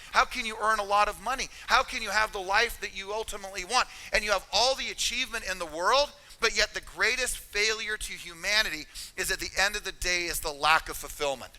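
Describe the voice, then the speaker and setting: Middle-aged male motivational speaker, high bright forceful voice, emphatic, hall reverb. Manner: energetic, emphatic, addresses audience directly. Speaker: motivational speaker at a real estate seminar. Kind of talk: live motivational talk.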